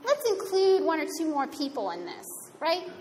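A woman's voice: sits high, big pitch swings, normal speed. A woman giving a sermon in a conversational, wryly humorous way. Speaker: preacher. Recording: reverberant hall, faint room noise.

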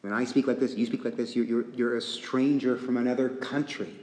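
A man preaching a sermon in an earnest, deliberate way, repeating phrases and pausing often. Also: medium pitch, fairly even intonation, darkish tone. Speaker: pastor. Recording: echoey church hall with long reverb.

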